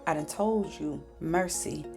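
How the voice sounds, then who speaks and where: A woman's voice: low voice, a little slow, vocal fry, over music. A woman reviewing a TV show in a chatty casual recap full of sassy asides.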